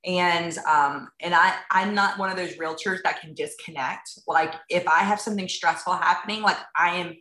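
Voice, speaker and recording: A woman realtor talks in a loose, chatty way, leaning on "like" and "um" and playing out little conversations as she goes. Her voice is bright and sits a little low. The recording has the echo of a hard room. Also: moderate pace, few pauses. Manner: chatty, acts out dialogue, many fillers like "like" and "um". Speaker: realtor and TV show guest. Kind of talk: casual interview chat.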